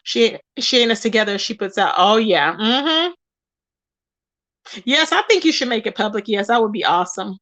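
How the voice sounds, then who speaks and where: A woman's voice: fairly high pitch, animated, moderate pace, a bit bright, no echo. A woman hosting a casual livestream, reading chat comments and gossiping straight to her viewers. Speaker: channel host.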